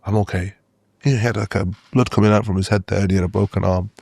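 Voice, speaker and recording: A man, a doctor from Australia and the UK, telling stories earnestly in an interview, with many halting restarts. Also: lowish voice, fairly even intonation, creaky, darkish tone, no echo. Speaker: doctor guest. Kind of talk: interview storytelling.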